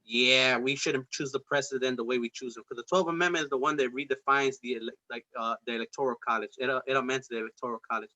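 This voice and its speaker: With hardly any pauses, this fast-talking podcast host keeps a steady, sharp tone at medium pitch, and the recording's highs are cut off. He rambles profanely through casual political debate on his talk show, using streetwise slang.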